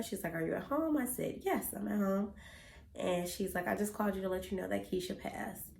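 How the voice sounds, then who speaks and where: A woman's voice: fairly low pitch, slight background noise. A young woman talking earnestly and from the heart in a personal vlog, with many fillers like "um" and "you know.". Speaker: vlogger. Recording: echoey room.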